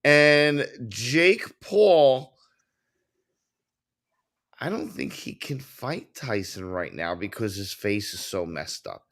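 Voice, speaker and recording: A man's voice: mid-range voice, animated, slow pace, a bit bright. A man in a casual stream chat, rambling and repeating himself as he talks.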